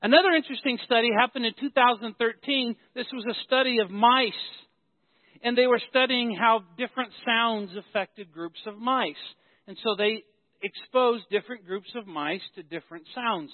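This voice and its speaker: Male pastor, very high-pitched, sermon delivery with repetition for emphasis; dry, lo-fi phone-like recording. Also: normal speed, dry recording. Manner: storytelling preacher, builds emphasis through repetition. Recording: tinny phone-like, dry sound.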